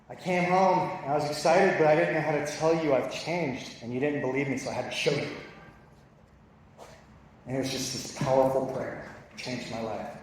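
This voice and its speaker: A man's voice: on the high side, a little hiss or hum. Earnest man testifying in echoey hall. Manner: earnest, emotional, halting delivery. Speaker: recovery testimony speaker. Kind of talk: personal church testimony. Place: large church hall. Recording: echoey church hall from far off.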